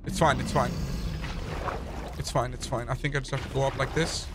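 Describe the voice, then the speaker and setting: A male streamer giving excitable gaming livestream commentary, talking to his chat and shouting when he panics. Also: mid-range voice, fairly quick, over loud music.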